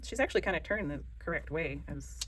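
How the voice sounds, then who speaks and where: Southern woman craft host, lower register, warm joking encouragement, light background noise. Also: expressive, fast talker. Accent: Southern American. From American South. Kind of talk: casual craft tutorial.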